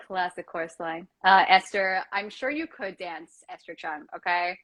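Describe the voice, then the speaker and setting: Bright-voiced chatty woman host. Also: on the low side, moderate pace. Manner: chatty, lots of "like", playful. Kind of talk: casual chat.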